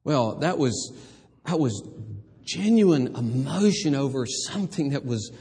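A man's voice: mid-range voice, lively intonation, unhurried, husky. Older male preacher in a reverberant hall. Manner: impassioned, swinging from hushed to emphatic. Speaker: pastor. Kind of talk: sermon.

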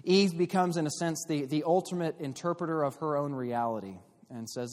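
A man's voice: fairly high pitch, fairly quick, darkish tone. Man teaching in an echoing hall. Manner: explanatory, with frequent fillers and restarts. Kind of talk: church teaching talk. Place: church hall. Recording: long hall reverb.

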